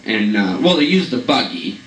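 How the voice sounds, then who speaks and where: Male comic, lively pitch, rambling stammery delivery, echoey room, off-mic. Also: moderate pace, distant mic. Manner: rambling, stammering, chuckles at own jokes. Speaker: comedian. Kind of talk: rambling comedic monologue.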